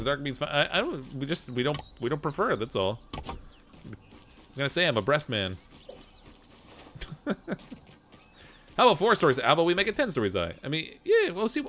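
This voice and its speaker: A man with a Canadian accent and a fairly high, fairly bright voice chats casually while gaming. He's a streamer who reads chat comments aloud and laughs often.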